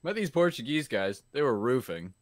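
A man's voice: mid-range voice, very animated, normal speed. A man co-hosting a casual podcast, teasing, laughing easily and swearing. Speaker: podcast co-host. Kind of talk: casual profane banter.

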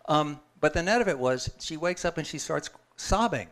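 Man telling a story with a smooth voice. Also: on the high side, expressive, moderate pace, a bit bright. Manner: conversational, chuckles and restarts often. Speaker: guest speaker sharing a testimony. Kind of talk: casual storytelling testimony.

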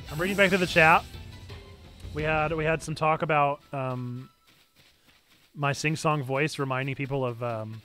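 Man, North Carolina accent, game streamer, playful chat, forceful bright tone. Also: a little high. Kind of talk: casual gameplay stream chat.

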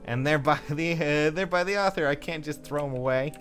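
A young man playing a video game with friends, reading its text aloud in halting starts and joking around. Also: fairly high pitch, a bit bright. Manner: reads on-screen text in halting starts, playful. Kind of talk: casual lets-play commentary with joking character voices. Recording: faint game music behind.

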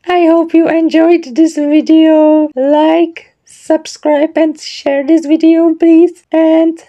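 High-voiced, amused woman sounding out words. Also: little pitch movement, slow, warm tone. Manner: amused, giggly, apologetic about pronunciation. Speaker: channel host. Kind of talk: casual word pronunciation vlog. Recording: dull lo-fi recording.

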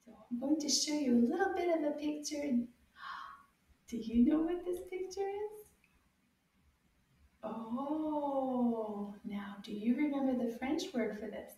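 A woman teaching French to young children, cheerful and encouraging, sounding out each word in a slow, exaggerated way for them to repeat. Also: high voice, warm tone. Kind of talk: children's language lesson. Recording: very echoey room, mic far off.

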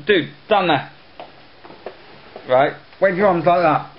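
A man's voice: high voice, slow pace. A young man joking and laughing through a casual handheld vlog outdoors. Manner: playful, jokey, laughs a lot. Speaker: vlogger. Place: outdoors in a park. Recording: dull lo-fi camcorder audio, loud hiss.

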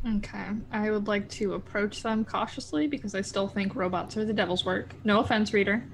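A woman at a tabletop game talks casually and jokes as she says what her character does. Her pitch sits in the middle. A faint noise hangs under her voice. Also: fairly quick, gravelly. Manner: jokey and playful. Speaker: player.

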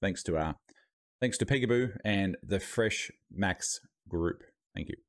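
A man with an Australian accent chats casually on a live stream, his voice sitting a little low. He keeps talking through mouthfuls of food, loose and unscripted, into a streaming mic with a noise gate. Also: animated, unhurried. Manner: chatty, talking while eating.

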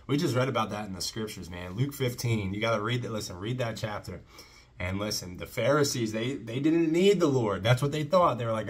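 Husky guy hosting a song reaction, kinda low voice, gets all fired up and preachy here and there. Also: fairly quick. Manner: enthusiastic, drops in short preaching asides. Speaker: reaction channel host. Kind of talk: casual faith-based music reaction.

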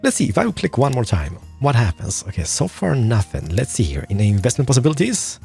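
A young man casually commentating his play through a strategy game, excitable and muttering to himself as he plays. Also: medium pitch, quick pace, creaky, few pauses, faint music behind. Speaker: gaming YouTuber. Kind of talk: gameplay commentary.

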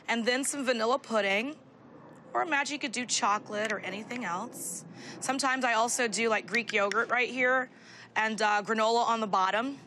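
A woman co-hosting a TV cooking show, showing a dessert recipe in a lively, playful way from a studio kitchen. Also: fairly high pitch, a little hiss or hum. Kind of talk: TV cooking demo.

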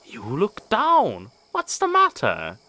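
A man's voice: high voice, huge pitch swings, slow, voice pushed up, full character voice. Edward, a man doing a kind older steam engine. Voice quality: gentle, reassuring.

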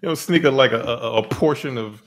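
A man's voice: medium pitch, fairly quick, over a noisy crowd. A man co-hosting a podcast in casual chat, incredulous, laughing and profane. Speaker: podcast co-host.

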